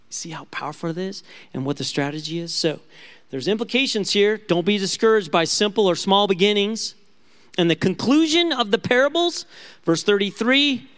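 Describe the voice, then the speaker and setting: A man preaching a sermon as pastor, earnest and questioning, with frequent restarts and fillers. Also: a little high. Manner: earnest, questioning, drops to a soft altar-call tone.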